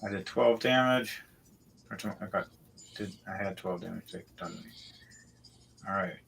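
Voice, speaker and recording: A low-pitched man with vocal fry narrates a tabletop game as game master at normal speed, calling out dice rolls and combat turn by turn. He breaks into sudden loud outbursts, and there's noise in the background.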